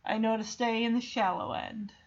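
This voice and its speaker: A woman's voice: on the high side, steady tone, normal speed, lo-fi sound. A woman in casual chat retelling a film, chatty and emotional with many fillers.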